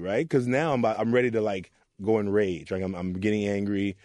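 Earnest low-voiced man telling his story. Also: fairly even intonation, fast, hardly any pauses, darkish tone, dry recording, clean studio sound. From Oakland, California. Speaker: youth mentor. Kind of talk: candid interview storytelling.

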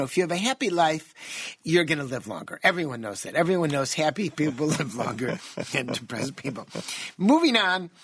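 American male radio guest, animated and jokey, husky, dry studio sound. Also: on the high side, no echo. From United States. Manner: chatty, jokey, animated storyteller. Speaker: nutrition expert on a radio show. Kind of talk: casual radio chat.

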